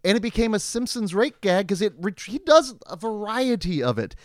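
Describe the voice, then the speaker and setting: A man in a casual film discussion, speaking in a wry, measured way and laughing along. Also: sits high, big pitch swings, no echo, studio quality. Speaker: podcast co-host discussing a film.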